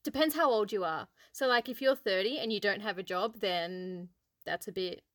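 A woman's voice: medium pitch, moderate pace, dry recording, studio quality. A woman, co-hosting a casual chat and telling stories with frequent laughter. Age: 20s. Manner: giggly storytelling, laughs often. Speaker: podcast co-host.

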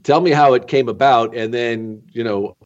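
Male host, easygoing and jokey, mid-pitched, dull lo-fi sound. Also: moderate pace, darkish tone. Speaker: podcast host. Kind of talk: casual interview chat.

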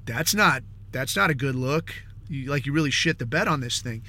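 A male podcast host in a casual political rant, swearing often, rambling, and dropping "dude" and "man" as he mocks others in quick asides. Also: medium pitch, animated, pushed and bright.

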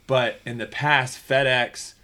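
A man hosting a casual sports podcast, talking animatedly and steering the discussion. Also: medium pitch. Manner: animated, steers the topic, quick asides. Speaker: podcast host.

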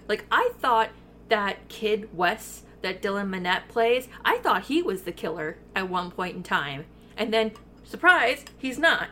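Woman podcast host ranting casually, lots of likes and you knows, curses a lot, faint hiss behind. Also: mid-range voice. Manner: animated, swears freely, many fillers. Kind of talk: casual chat.

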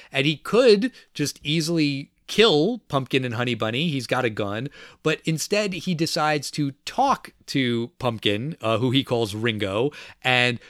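Man, casual film talk, relaxed plot recap, dry close recording. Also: mid-range voice, no echo.

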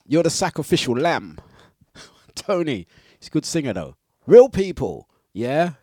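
A man's voice: on the high side, very animated, unhurried, dark tone, no room sound, clean studio sound. A man hosting a breakfast radio show in casual, teasing, playful chat. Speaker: radio DJ and host.

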